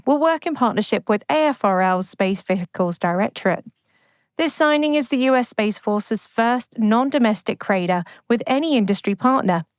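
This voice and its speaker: Woman co-host, even news read, dry close mic. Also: a little high, dry recording. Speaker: podcast co-host. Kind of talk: scripted news reading.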